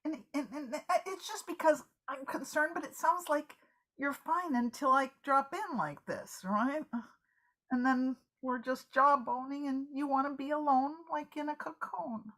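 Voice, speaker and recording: A woman's voice: sits high, measured pace, fairly bright tone. A woman playing a chatty, fretful friend. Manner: talkative, fretful, repeats words. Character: chatty, fussing woman friend who fears silence. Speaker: improv performer. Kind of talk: live improv scene.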